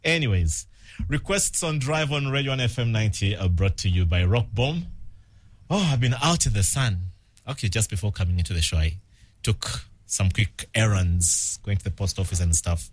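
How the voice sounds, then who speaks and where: A man's voice: fairly low pitch, normal speed, husky, dry recording. A man from Uganda, hosting an afternoon radio show with playful, jokey patter and a live ad read. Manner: playful, jokey, lively delivery. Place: radio studio. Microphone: studio microphone.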